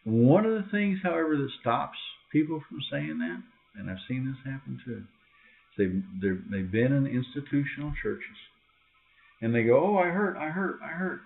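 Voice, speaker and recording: A man's voice: animated, moderate pace, creaky. Lo-fi preaching man with dramatic outbursts. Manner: acts out quoted voices with sudden high, loud cries. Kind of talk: informal sermon. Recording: tinny, phone-like lo-fi recording.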